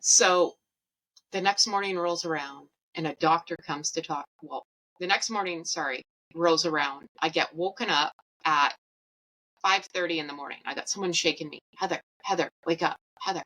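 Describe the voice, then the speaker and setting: A woman recounts her own story in a talkative, rambling way, frank and unfiltered. Her voice sits a little low but has a bright, forward edge. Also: moderate pace, poor audio. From Canada. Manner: chatty, rambling, candid. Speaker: podcast host. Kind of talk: personal storytelling.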